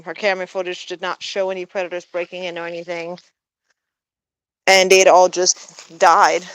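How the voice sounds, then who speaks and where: Young woman, pet vlogger, casual rambling talk, lots of fillers, lower pitch, dry close sound. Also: smooth, no room sound, rough recording. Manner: soft coaxing baby talk to a scared cat.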